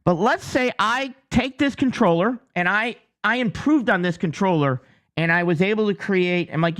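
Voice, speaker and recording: On his channel, a US host casually explains something while drawing on screen, joking, chatting, and restarting often as he checks in with "okay?" His pitch is high, his tone fairly bright, and his pace moderate.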